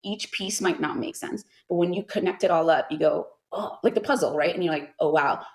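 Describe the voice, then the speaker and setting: A middle-aged woman answering interview questions as a venture investor, animated, with lots of fillers and asides. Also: fairly low pitch, a little fast, poor audio. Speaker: venture capital investor guest.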